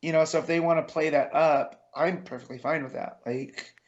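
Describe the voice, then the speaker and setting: A man's voice: fairly high pitch, fairly even intonation, normal speed, muffled recording. A man co-hosting a podcast, talking eagerly and chatting casually with fillers. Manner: eager, enthusiastic fan talk with fillers. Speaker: podcast co-host. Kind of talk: casual chat.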